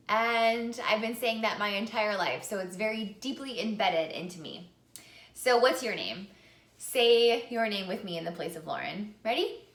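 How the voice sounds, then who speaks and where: A woman's voice: mid-range voice, lively intonation, moderate pace, fairly bright tone, echoey room. A woman singing teacher giving an upbeat vocal lesson to camera, speaking and then singing short example phrases.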